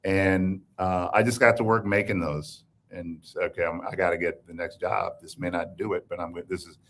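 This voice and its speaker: A middle-aged man with a notably low, deep voice, speaking as a guest in a relaxed interview. He talks slowly and reflectively, often pausing and restarting his thoughts before landing on what he means. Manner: measured, reflective, hesitant restarts. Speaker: guest executive. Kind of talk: conversational interview.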